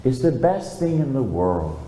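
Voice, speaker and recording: A man's voice: medium pitch, sing-song, measured pace, mellow, a little hiss or hum. An older man, a priest, preaching a storytelling sermon and calling out for amens. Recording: echoey room with faint ambience.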